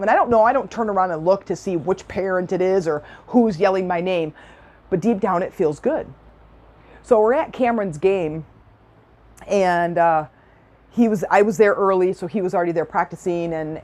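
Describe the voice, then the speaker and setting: A woman's voice: lowish voice, darkish tone. A middle-aged woman hosting a personal podcast, telling stories in a chatty, enthusiastic way and acting out other people's lines. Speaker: podcast host.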